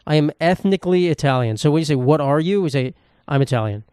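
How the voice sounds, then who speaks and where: A young man with a New Jersey accent talks through his solo podcast in a loose, rambling way, swearing freely and laughing at himself. His voice sits a little high and comes across smooth and crisp. The close mic in a small room leaves almost no reverb. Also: lively intonation, fast talker, darkish tone. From United States. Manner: rambling, profane, self-mocking. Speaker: podcast host. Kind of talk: casual solo podcast chat.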